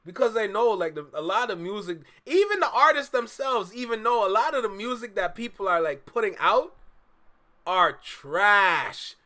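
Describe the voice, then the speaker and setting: A man's voice: sits high, animated, normal speed, bright, forceful tone. A man from Toronto hosting his reaction stream, chatty and casual, always calling the audience "bruh" and "y'all.". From Toronto, Canada.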